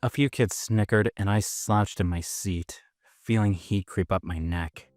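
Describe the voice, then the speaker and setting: A man's voice: on the low side, measured pace, darkish tone, no room sound. A man narrating a story in the first person, in a casual, self-mocking manner.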